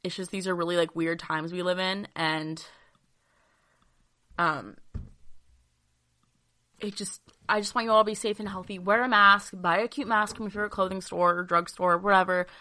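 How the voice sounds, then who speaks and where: A woman's voice: on the low side, steady tone, normal speed, long pauses, pushed and bright. A young woman hosting her own podcast, chatting casually and gushing, with lots of fillers. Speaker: podcast host. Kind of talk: casual solo podcast chat.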